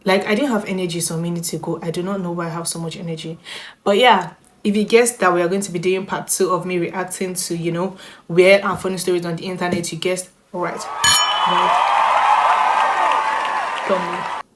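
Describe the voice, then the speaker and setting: A woman's voice: fairly low pitch, fairly even intonation, moderate pace, crowd noise, noisy background. A woman chats straight to her viewers with bouncy, restless energy, laughing between lines. She reads internet stories aloud and breaks off to comment on them. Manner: bubbly, chatty, laughs often, reads aloud. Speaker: YouTuber. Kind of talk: reaction storytime vlog.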